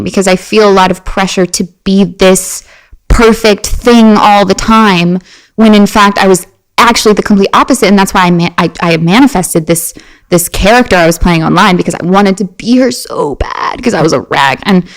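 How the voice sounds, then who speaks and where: A woman guest on a podcast, chatting casually and telling animated personal stories with many fillers and restarts. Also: medium pitch, normal speed, low-quality recording. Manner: animated storyteller. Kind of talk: casual chat.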